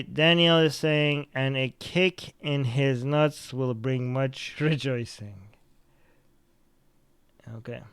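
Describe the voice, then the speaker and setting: A man's voice: mid-range voice, smooth, no room sound. A man who speaks English as a second language hosts a podcast, giving blunt, profane commentary on the news and reading out viewer comments. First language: not English. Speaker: podcast host.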